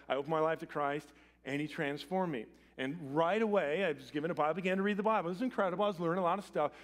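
A male pastor delivering a church sermon in a slightly raised voice. He swings from loud, urgent appeals to near-quiet, intimate asides, talking straight to the congregation. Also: fairly high pitch. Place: church sanctuary.

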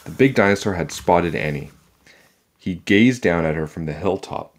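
A man reading a children's chapter book aloud in a calm, measured storytelling manner. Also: low-pitched, slight background noise.

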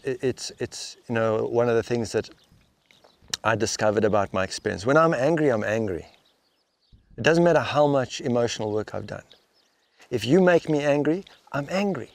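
A man being interviewed as a spiritual teacher. He speaks reflectively and haltingly, restarting and repeating words as he works through his thoughts. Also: mid-range voice. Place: outdoors in the rain.

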